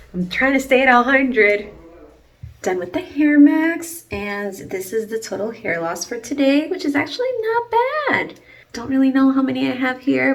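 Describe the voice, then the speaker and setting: A woman's voice: on the high side, rough recording. A woman in her thirties chatting in a casual home vlog from her kitchen, upbeat and laughing often. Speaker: vlogger.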